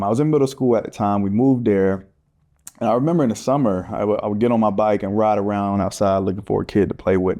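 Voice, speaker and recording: A man co-hosting a podcast, telling a personal story in a casual, animated way and acting out the voices of people in it. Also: lowish voice. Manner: animated, acts out quoted voices, laughs often. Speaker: podcast co-host.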